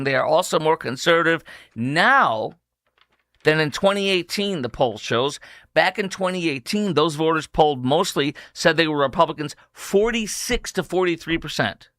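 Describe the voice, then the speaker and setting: A man's voice: on the high side, animated, moderate pace, fairly bright tone, no echo, studio quality. A male radio talk show host delivering an opinionated, combative monologue with ad reads, speeding up in emphatic bursts.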